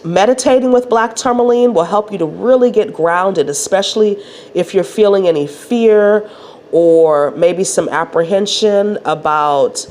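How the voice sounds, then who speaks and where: A woman's voice: mid-range voice, measured pace, a little mellow. A woman who works as a spiritual wellness coach, talking casually to her viewers in a nasal, encouraging way. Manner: encouraging, reassuring. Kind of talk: casual spiritual talk to camera. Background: faint space heater hum.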